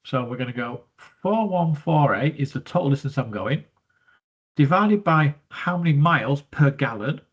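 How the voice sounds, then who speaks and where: Husky stuffy-voiced man teaching maths. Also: fairly high pitch, expressive, normal speed. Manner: chatty, thinks aloud step by step. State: stuffy from hay fever, mouth-breathing. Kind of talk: explaining a worked exam question. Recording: dull lo-fi recording.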